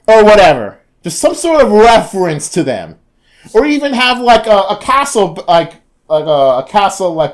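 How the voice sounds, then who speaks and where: A casual gaming creator talks through viewer comments at a home microphone. The speech rambles, full of restarts, and the pitch jumps up when excitement hits. The voice sits mid-pitch.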